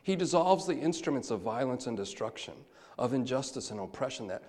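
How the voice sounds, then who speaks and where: A man's voice: medium pitch, animated, brisk. Man preaching in a reverberant hall. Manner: swings from soft hushed lines to raised emphatic calls. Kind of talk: sermon.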